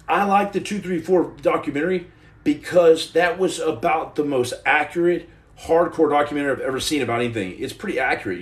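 A man's voice: a little high, reverberant, distant mic. A man in his forties hosting a casual livestream from home, rambling and joking while he paints and answers viewer comments. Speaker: livestream host. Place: indoor room at home.

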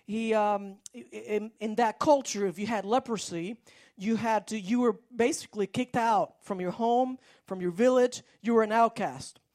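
A woman's voice: fairly high pitch, moderate pace, darkish tone. A woman preaching a sermon, telling a story in a rambling way with frequent restarts.

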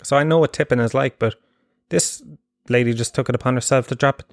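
A man talks his way through a comic podcast monologue, rambling and self-mocking with plenty of swearing. His pitch sits in an ordinary middle range. The recording is close and dry, with no room sound around it. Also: fast, dry recording. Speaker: podcast host. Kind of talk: comedic casual monologue.

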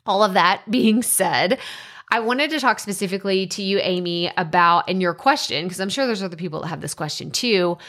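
A woman's voice: mid-range voice, brisk, a bit bright. Woman podcast host, chatty casual advice delivery, loose with filler words.

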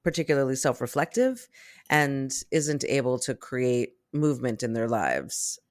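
A woman's voice: a bass voice, very animated, unhurried, no room sound, clean studio sound. A woman co-hosting a casual talk show, reflective and chatty, reading out listener comments. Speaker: podcast co-host. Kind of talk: casual chat.

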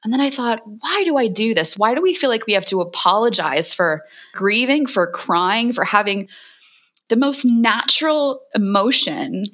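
A woman in her forties, a guest author, talking candidly and emotionally in a quick conversational way, full of "like" fillers. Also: on the high side, animated, fairly bright tone. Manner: emotional, fast, frequent "like" fillers.

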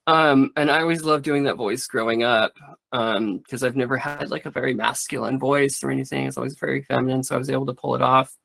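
A man's voice: mid-range voice, fairly even intonation, fast talker, creaky, a bit bright, dry recording. A man who does stand-up comedy talking in a rambling, candid way, swearing freely in a casual interview.

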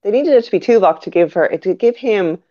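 A woman's voice: mid-range voice, expressive, brisk. A woman guest on a podcast in casual chat, laughing and agreeing often. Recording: dull lo-fi sound.

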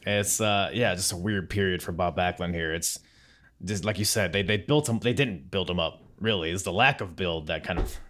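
A man's voice: low voice, moderate pace, fairly bright tone, slight background noise. A man hosting a casual podcast, recapping and telling stories with a chatty, laughing manner. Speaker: podcast host.

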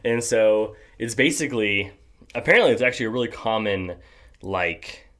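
A young man with a lowish voice hosts a casual podcast conversation. He rambles, restarts his sentences and stacks up fillers, laughing often as he goes. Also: animated, moderate pace, fairly bright tone. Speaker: podcast host. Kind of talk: casual chat.

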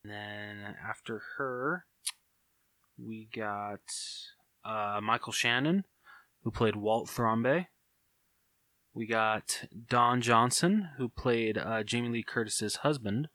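A man's voice: lowish voice, takes it slowly, sharp tone, dry recording. A man co-hosting a casual podcast chat, easygoing and enthusiastic, with lots of filler words. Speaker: podcast co-host.

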